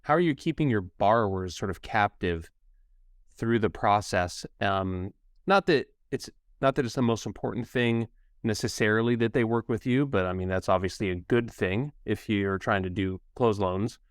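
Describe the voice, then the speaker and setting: A man's voice: fairly low pitch, normal speed, dry recording, clean studio sound. A man hosting a podcast interview over a remote call, asking friendly, loosely phrased questions. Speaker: podcast host. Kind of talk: casual interview talk.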